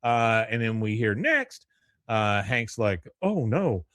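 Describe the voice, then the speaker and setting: A man's voice: lowish voice, sing-song, takes it slowly, bright, forceful tone, clear, resonant tone, no echo. A man hosting a podcast who rambles through an episode recap, his voice moving up and down a lot as he slips into character lines. The sound is close and dry, with no room around it. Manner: rambling storyteller, acts out the lines. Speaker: podcast host.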